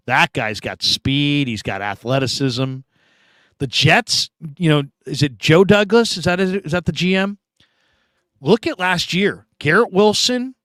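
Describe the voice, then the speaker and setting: A middle-aged man talks sports on his own live stream, rambling from point to point and bursting into loud acted-out quotes. His voice sits a little high and comes across dry and close, with no room sound. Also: no room sound. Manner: rambling, animated storytelling, acts out quotes loudly. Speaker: show host.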